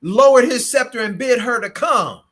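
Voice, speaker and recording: A man hosting a late-night relationship chat who greets viewers by name and tells a Bible story in an animated, preaching style, acting out voices. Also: extremely high pitch, normal speed. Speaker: host, relationship coach.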